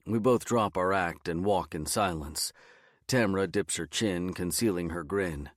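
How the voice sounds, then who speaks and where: Male audiobook narrator, lowish voice, measured storytelling, dry close mic. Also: no echo. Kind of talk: scripted first-person narration.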